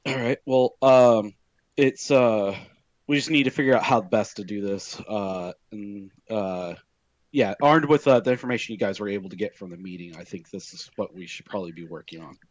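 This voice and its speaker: A man's voice: fairly low pitch, normal speed, dry recording, low-quality recording. A man playing a tabletop game over online voice chat, steering the group's plan with many filler words. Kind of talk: casual planning talk at the game table.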